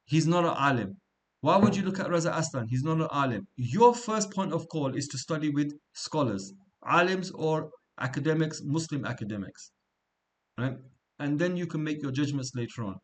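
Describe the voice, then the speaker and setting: A man's voice: a little high, expressive, moderate pace. A middle-aged man teaching a class in an informal, conversational way, often checking in with "right?" and repeating himself as he talks. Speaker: seerah teacher.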